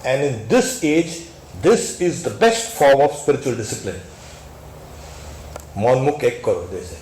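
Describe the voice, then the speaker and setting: A man's voice: mid-range voice, big pitch swings, measured pace, darkish tone. A man teaching a scripture class as a swami, talking in a conversational and emphatic way, with frequent exclamations. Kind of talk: scripture lecture. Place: temple hall. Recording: echoey hall recording with faint noise.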